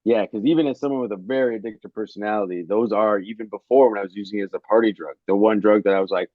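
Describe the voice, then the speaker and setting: A man with a lowish voice talks as a guest over a video call. The audio is dry and muffled, with no room sound. He rambles freely and fills his sentences with "like". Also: very fast, dry recording. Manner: rambling, loose, many "like" fillers. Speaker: comedian guest. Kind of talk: casual conversational interview.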